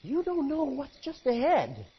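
A man's voice: very high-pitched, wildly swooping pitch, unhurried, voice pushed up, exaggerated voice. A man voicing a talking donkey in a sermon story, hurt and protective toward its rider. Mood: warning. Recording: dull lo-fi recording.

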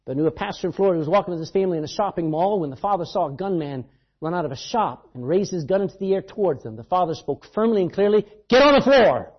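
Emphatic preacher with a lively, swinging voice. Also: male voice, high-pitched. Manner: emphatic, storytelling, swings between loud and hushed. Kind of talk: sermon. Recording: dull lo-fi recording.

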